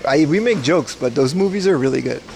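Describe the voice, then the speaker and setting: Male IRL streamer, gravelly, a bit high, rambling jokey commentary in a secondhand shop. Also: expressive, fairly quick, a crowd in the background. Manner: rambling, joking, talks to chat while browsing. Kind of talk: casual IRL livestream commentary. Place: indoors in a secondhand electronics shop.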